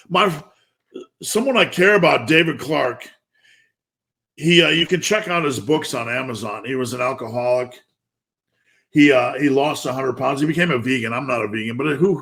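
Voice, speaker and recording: A man in his fifties delivering a profane, fired-up motivational talk. His voice sits a little higher than most men's, and he speaks bluntly, with hard-hitting swearing throughout. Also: a bit bright. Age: 50s. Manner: intense, blunt, heavy swearing.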